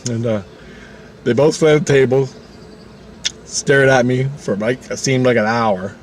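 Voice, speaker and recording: A man's voice: mid-range voice, measured pace, slight background noise. A man telling a story in a casual, profane way, often swearing and laughing as he acts out what others said. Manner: profane, animated, laughing, acting out quotes.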